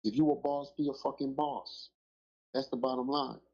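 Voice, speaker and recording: Brief: husky middle-aged man, rambling profane storyteller, dull lo-fi podcast audio. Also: medium pitch, steady tone, normal speed, mellow. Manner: profane, rambling and emphatic, with many filler phrases.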